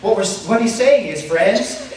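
Male pastor, slightly high voice, preaching in a big echoey church, mic far off. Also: animated, unhurried, a little mellow. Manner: repetitive, asks the congregation rhetorical questions. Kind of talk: sermon.

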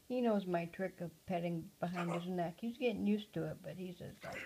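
A woman at home talking to her pet parrot in a casual home video, cooing softly and often dropping to a hush. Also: on the low side, moderate pace, a little hiss or hum, low-quality recording. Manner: soft, cooing talk to a pet, often hushed.

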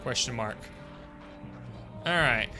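A young man streams a video game over music, speaking slowly with a medium pitch. His gameplay commentary is casual and chatty, and he jokes with his viewers and talks to the chat.

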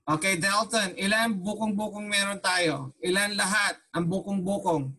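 A man's voice: high voice, steady tone, moderate pace, bright, forceful tone. Man, language teacher, online class, patient, repeats questions, switches between two languages. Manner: patient, repeats questions, mixes Tagalog and English. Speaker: Tagalog teacher.

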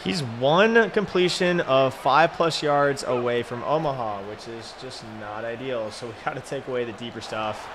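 A young man commenting on his own video game, frustrated and swearing, muttering low then suddenly yelling. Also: background noise. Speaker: gaming streamer.

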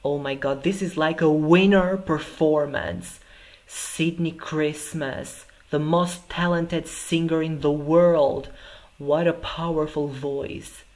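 A man's voice: fairly high pitch, steady tone, slow. A man hosting a reaction video, talking in effusive, exclamatory bursts of praise. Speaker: YouTube reaction host.

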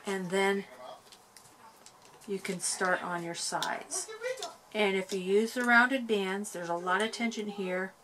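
A soft-spoken woman in her thirties talks through a craft at home, unhurried and chatty. She keeps a measured, easy pace, and a faint noise sits under her voice. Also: medium pitch, steady tone. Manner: soft-spoken, chatty, gentle step-by-step guidance. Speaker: craft tutorial host. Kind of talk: casual craft tutorial.

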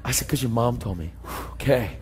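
A man's voice: mid-range voice, normal speed, very noisy. Slangy preacher man in an echoey church. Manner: animated storytelling, slangy, acting out dialogue. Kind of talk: storytelling sermon. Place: church sanctuary. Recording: church hall reverb with faint music.

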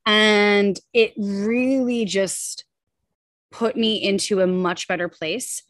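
A woman in her thirties, a podcast guest, candidly rushes through a personal story in a casual interview, full of "like" and "you know." Her mid-range voice has a steady tone, captured in a close, dry recording with no room sound.

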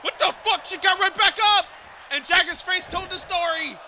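A man calling a wrestling match as commentator, with excited play-by-play that keeps breaking into shouts, exclamations and swearing. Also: extremely high pitch, normal speed, a faint crowd, a little hiss or hum.

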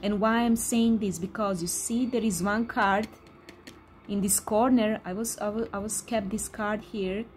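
A woman who speaks English as a second language, giving a tarot card reading in an emphatic, repetitive way with excited exclamations. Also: mid-range voice, measured pace, a little hiss or hum. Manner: non-native English speaker. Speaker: tarot reader.

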